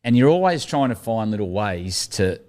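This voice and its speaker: A middle-aged Australian man telling lively anecdotes as a podcast guest, laughing through his stories and acting out the lines of people he quotes. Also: on the low side, moderate pace. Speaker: guest, former cricketer. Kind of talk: casual storytelling chat.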